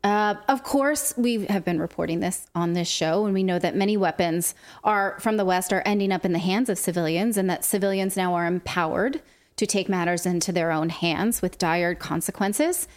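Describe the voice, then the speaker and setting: A woman's voice: on the low side, moderate pace. A woman co-hosting a political commentary show, reading from a report with a sarcastic edge. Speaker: co-host.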